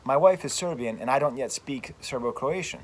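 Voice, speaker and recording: A French professor from America hosts his own channel, and here he's outside giving an emphatic, animated opinion rant full of repeated phrases. His voice is mid-range and his pace a little fast.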